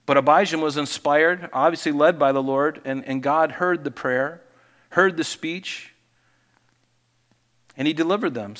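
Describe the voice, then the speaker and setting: A man giving a sermon, reading scripture aloud and adding relaxed, conversational comments. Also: mid-range voice, big-room sound. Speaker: pastor.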